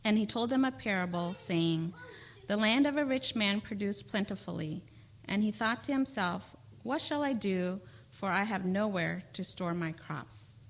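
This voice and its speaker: A woman reading a scripture passage aloud in a steady, measured way before a sermon. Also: mid-range voice. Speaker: scripture reader.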